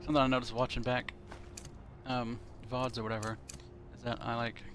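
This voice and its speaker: A man streams a video game through a console headset, chatting casually and thinking aloud with lots of fillers as he plays. His medium-pitched voice is level and brisk, with loud music playing behind it.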